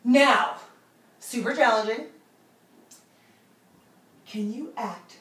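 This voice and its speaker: A woman's voice: fairly high pitch, big pitch swings, slow, long pauses. A woman leading a children's yoga class in a playful, encouraging, sing-song way. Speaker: kids yoga teacher. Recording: roomy, from a distance, faint ambience.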